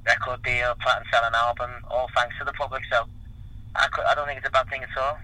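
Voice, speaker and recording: Bright-voiced male guest spinning stories. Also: mid-range voice, fast, low-quality recording. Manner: relaxed, storytelling, repeats words. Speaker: guest performer. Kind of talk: casual chat.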